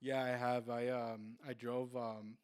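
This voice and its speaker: A man's voice: mid-range voice, little pitch movement, slow pace, a little mellow, clean tone. A young man, a car salesman on a podcast, telling a long story casually, with lots of fillers and restarts. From Mexican heritage.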